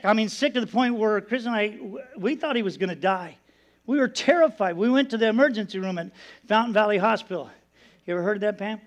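A middle-aged man preaching, telling a personal story with earnest emotion and acting out the voices in it. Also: high voice. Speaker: pastor. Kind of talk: sermon.

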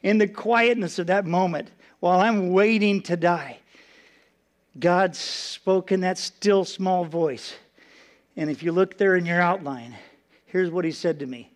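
A man preaching a sermon shares his personal testimony at an unhurried pace, telling it earnestly as a story. For solemn moments, he drops soft and low.

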